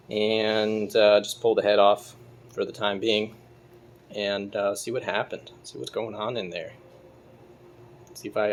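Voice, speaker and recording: A man's voice: lowish voice, fairly bright tone, a little hiss or hum. A man casually talking through car work in his garage, loose and profane. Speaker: car vlogger. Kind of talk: casual garage vlog talk. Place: home garage.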